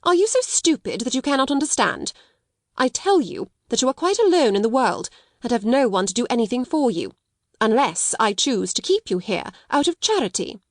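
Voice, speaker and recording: A woman's voice: a little high, big pitch swings, moderate pace, dry recording, studio quality, pitched above the performer's own voice. Woman reading as a harsh scolding schoolmistress. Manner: sharp, cold, scolding. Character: harsh domineering middle-aged schoolmistress.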